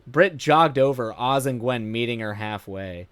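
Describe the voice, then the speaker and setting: A man streamer reading a viewer's story aloud, with animated laughing asides and frequent self-corrections. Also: medium pitch, normal speed, few pauses, smooth, dry recording.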